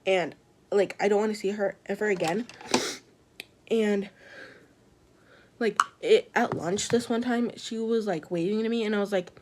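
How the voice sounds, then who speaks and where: A teenage schoolgirl recounts her school drama in a lively, dramatic way. She speaks at an ordinary, middle pitch and keeps saying "I was like" as she acts out the scene. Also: moderate pace, pauses often, a little hiss or hum. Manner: animated, dramatic retelling full of "I was like". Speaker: student. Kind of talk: casual storytelling to camera.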